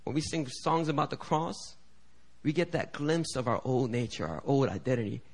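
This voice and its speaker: A middle-aged man preaching a sermon as pastor. He swings from quiet asides to loud, climbing appeals and acts out the prayers he quotes. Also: medium pitch, normal speed. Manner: preaching with big swings in volume, building to shouted climaxes; acts out quoted voices and prayers in shifting tones.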